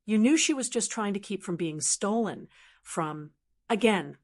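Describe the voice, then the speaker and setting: A woman voicing an angry grown son who confronts his in-laws, speaking with quiet bitterness that turns into raised accusation. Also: high-pitched, expressive, a little slow. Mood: bitter anger.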